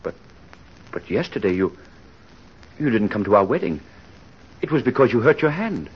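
An actor playing an earnest, gentle young husband in an old-time radio drama, speaking earnestly. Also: male voice, lowish voice, very animated, normal speed, breathy edge, lo-fi sound. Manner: earnest, stammering when shaken.

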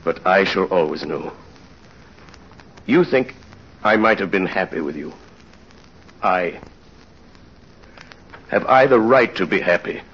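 An actor playing a tormented aging ex-convict father in an old-time radio drama, speaking in a somber, halting way. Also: deep voice, animated, lo-fi sound, a little hiss or hum. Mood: grave.

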